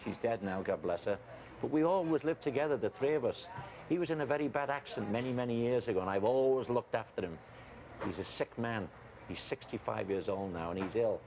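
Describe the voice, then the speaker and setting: An actor playing a blustery, defensive middle-aged farmer with a Scouse accent, in found-footage style. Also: male voice, medium pitch, fairly quick, close to an everyday voice. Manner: blustery, defensive, calls people mate. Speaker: farmer guarding his cousin. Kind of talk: found-footage film acting. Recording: noisy handheld camera audio.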